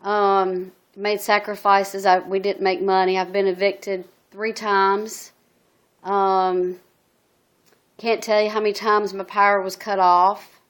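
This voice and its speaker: A middle-aged woman telling her story as a single mother in a personal video message, halting and earnest, with many ums and restarts. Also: mid-range voice, flat delivery, clean tone. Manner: earnest and emotional. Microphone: phone.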